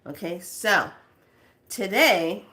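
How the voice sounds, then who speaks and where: A woman hosting a spiritual video, telling a dream story to her viewers in an animated, blunt way, swearing casually and acting out each scene. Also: medium pitch, extremely slow. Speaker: spiritual channeler and video host.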